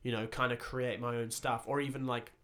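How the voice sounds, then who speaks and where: A man's voice: medium pitch, level tone, fairly quick, a bit bright. A young man hosting a casual podcast chat, rambling and swearing loosely as he thinks aloud. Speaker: podcast host.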